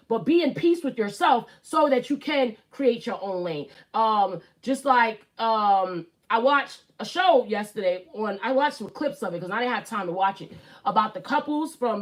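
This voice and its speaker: A woman in her thirties with a Brooklyn accent, hosting a casual live stream and talking bluntly, with swearing and emphatic repeats. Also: a little high. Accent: Brooklyn New York. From Brooklyn, New York. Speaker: YouTube live host.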